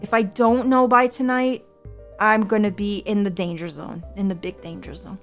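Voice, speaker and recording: A woman's voice: medium pitch, steady tone, normal speed, a bit bright. Brief: young woman streamer, anxious and rambling, mid-range voice, faint music behind. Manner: anxious, rambling, repeats herself. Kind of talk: casual livestream chat.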